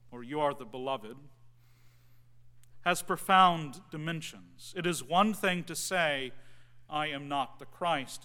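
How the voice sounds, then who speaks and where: A man in his forties preaches in a relaxed, conversational way, dotted with ums, letting his phrases drop away softly at the ends. His voice is bright and forward, sitting a little high for a man, and it rings out with a long hall reverb. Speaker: pastor. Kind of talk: sermon.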